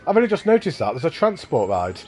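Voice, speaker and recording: A man's voice: fairly high pitch, wildly swooping pitch, fast, darkish tone, soft background music. A man hosting a casual live stream, touring and praising contest park builds with eager, effusive commentary. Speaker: livestream host touring contest parks.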